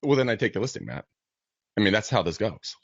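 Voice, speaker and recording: A man's voice: lowish voice, lively intonation, quick pace, fairly bright tone, no echo. A man who works as a real estate agent, chatting casually on a show and acting out both sides of the conversations in his stories. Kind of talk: casual podcast chat, storytelling. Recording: dry, slightly dull livestream audio.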